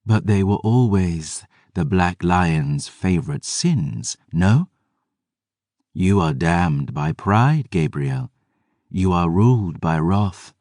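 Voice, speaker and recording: A man voicing a cold, scornful vampire woman who speaks in a hushed, cutting way. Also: low-pitched, animated, slow pace, no room sound, studio quality.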